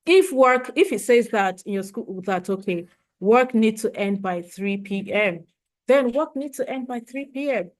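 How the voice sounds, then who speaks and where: A woman's voice: a little high, expressive, unhurried. A woman trainer giving a motivational leadership talk, earnest and emotional, repeating her points for emphasis.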